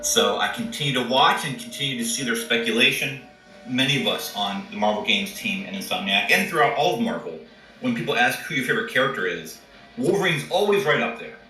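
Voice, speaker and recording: A man's voice: medium pitch, expressive, fairly quick, sharp tone, faint music behind. A man, a game company executive, answering interview questions in an enthusiastic, promotional way. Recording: echoey, distant mic.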